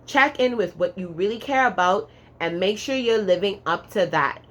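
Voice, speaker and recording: Woman, tarot reader, sassy, profane, emphatic, drawn-out words, mid pitch. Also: a bit bright. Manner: sassy, profane, emphatic, keeps adding "okay?"; drawls some words slowly for emphasis. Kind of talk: casual pick-a-card tarot reading.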